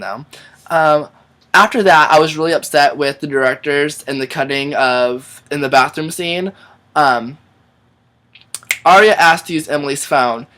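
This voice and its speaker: A young man in a casual vlog, recapping a TV episode in an excitable, chatty way, with lots of fillers and casual swearing. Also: a little high. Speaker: vlogger.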